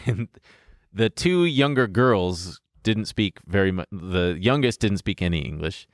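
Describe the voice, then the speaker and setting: A young man casually telling a story in an animated way, laughing and swearing as he goes. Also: low voice, measured pace, dry recording, clean studio sound.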